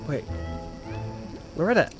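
A man hosting a playful game playthrough, telling the story in an excitable, dramatic way full of gasps. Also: slow pace, over music. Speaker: let's play host. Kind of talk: playful let's play narration.

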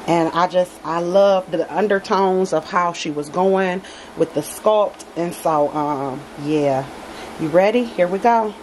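A woman's voice: lowish voice, slow pace, darkish tone, a little hiss or hum, rough recording. Gushing woman unboxing a doll at home. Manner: gushing, affectionate, addresses viewers as y'all. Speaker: reborn doll collector vlogger. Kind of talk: casual unboxing chat. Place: dim home nursery.

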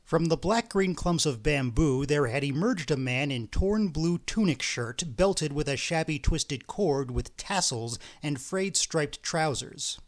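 A man reading a classic novel aloud as an audiobook narrator, in a measured, unhurried way. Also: a little high, lively intonation. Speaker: audiobook reader.

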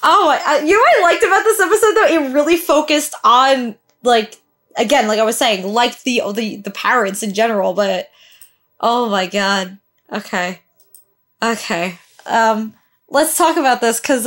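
A woman's voice: fairly high pitch, a little slow, fairly bright tone. A young woman hosting a show reaction, exclaiming, swearing and crying out as she watches, then talking through her thoughts. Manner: exclaims and swears, cries out in distress. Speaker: reaction host. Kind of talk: emotional reaction commentary.

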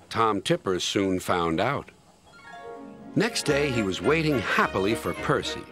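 A man's voice: fairly low pitch, very animated, unhurried, fairly bright tone. Storytelling man over music. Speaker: narrator. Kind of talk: storybook narration. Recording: narration over clear music.

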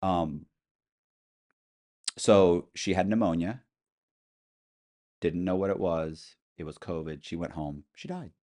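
A man's voice: sits low, lively intonation, takes it slowly, pauses often, a little mellow. A man as an interview guest, telling personal stories in a matter-of-fact, rambling way with frequent restarts. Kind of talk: casual storytelling interview.

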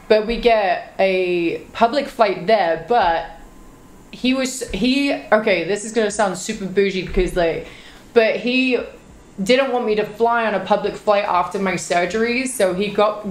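A woman's voice: medium pitch, echoey room. A woman in her thirties casually telling a story to her stream chat. She is chatty and swears freely.

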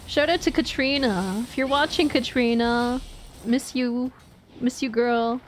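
Slow-talking, chatty woman streamer. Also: on the high side, a little hiss or hum. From Maritimes, Atlantic Canada. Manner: chatty, swears, laughs often. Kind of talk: casual live-stream chat.

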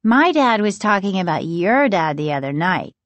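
A woman's voice: medium pitch, very animated, moderate pace, no echo, natural voice. A woman voicing a blunt, gossipy preteen girl friend in an audiobook reading. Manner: blunt, confiding.

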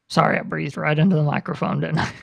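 A man's voice: a little high, vocal fry, breathy edge. A man giving casual gameplay commentary as a let's player, muttering and talking to himself while he plays.

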